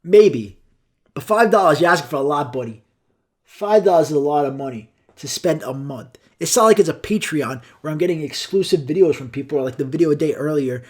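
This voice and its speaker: A male podcast host talks alone, rambling and swearing freely. His voice sits a little higher than most men's. He jumps from one complaint to the next in a loose, casual flow. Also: fast talker. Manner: profane, rambling rant. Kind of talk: solo podcast rant.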